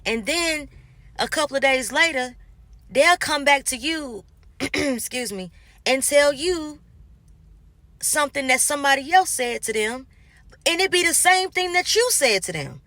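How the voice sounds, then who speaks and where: A woman's voice: sits high, unhurried, pauses often, no echo. A woman vlogger in a casual motivational monologue, speaking emphatically and acting out what other people say. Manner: emphatic, acts out quoted people in animated asides.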